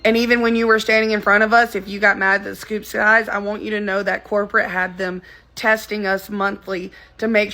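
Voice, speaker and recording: A woman and former fast-food worker talking to camera, indignant and confiding. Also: mid-range voice, a bit bright. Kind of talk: casual talk to camera.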